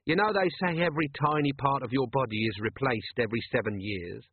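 A man's voice: mid-range voice, a little fast, slight background noise, close to an everyday voice. A man voicing a cheeky, coarse, chatty watchman in an audiobook. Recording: tinny lo-fi dry recording.

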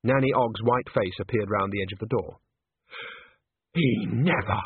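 Expressive male storyteller, husky tone; dry, thin narrow-band recording. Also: fairly low pitch, brisk, no echo. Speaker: audiobook narrator. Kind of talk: scripted narration.

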